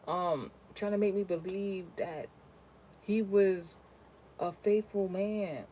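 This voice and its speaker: A young woman content creator tells a personal story in a casual vlog, ranting and cursing. She drops to low mutters, then rises into loud, animated outbursts; the audio is poor, with slight background noise.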